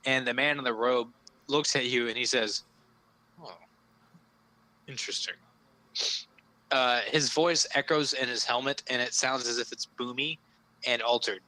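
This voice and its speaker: A man running a tabletop game as game master, narrating casually with many fillers and pauses. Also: medium pitch, steady tone, bright, forceful tone, dry recording, rough recording.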